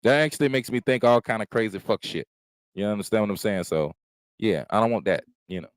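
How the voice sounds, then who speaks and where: Laid-back, profane comedian chatting. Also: male voice, fairly low pitch, a little fast, dry recording. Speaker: comedian hosting his own stream. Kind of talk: casual livestream chat. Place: at home, smoking while chatting.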